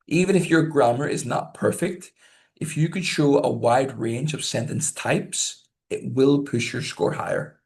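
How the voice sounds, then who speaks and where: An IELTS examiner giving tips teaches learners deliberately, in a medium-pitched, slightly mellow voice with vocal fry. He often checks in with "okay?" and acts out example sentences to demonstrate stress and intonation.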